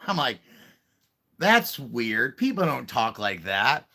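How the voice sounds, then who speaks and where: A man's voice: medium pitch, sing-song, takes it slowly, creaky, bright, forceful tone. A man casually chatting on a comics livestream, rambling through stories and talking to his cat. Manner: rambling, talks baby-talk to his cat. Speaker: podcast co-host.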